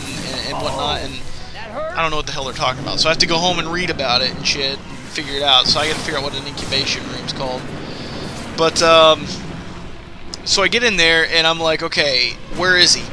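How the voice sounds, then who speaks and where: A man's voice: fairly high pitch, background noise. A man in his twenties doing casual after-the-fact game commentary, rambling and swearing as he tells stories. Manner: rambling, profane storytelling. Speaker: gameplay commentator. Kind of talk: casual let's-play commentary, recorded after play.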